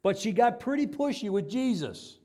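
A man preaching a sermon, moving between loud emphatic passages and quiet conversational asides, and acting out the voices he quotes. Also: high voice, very animated, normal speed. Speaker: pastor.

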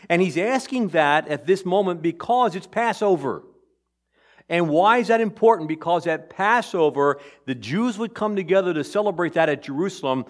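Man preaching, loud to hushed. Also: sits high. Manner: conversational preaching that swings between loud emphasis and quiet asides. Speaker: pastor. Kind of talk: sermon.

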